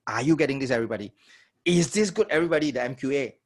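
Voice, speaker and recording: Husky-voiced man teaching sales. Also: mid-range voice, racing. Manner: energetic, checks in with audience often. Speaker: sales trainer. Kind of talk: live online workshop teaching.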